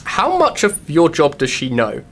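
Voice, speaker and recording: A man narrating as game master, his voice sitting a little high for a man. He talks in halting bursts with plenty of fillers as he describes scenes and asks players what they do. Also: wildly swooping pitch, fairly bright tone, a little hiss or hum. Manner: hesitant, many fillers.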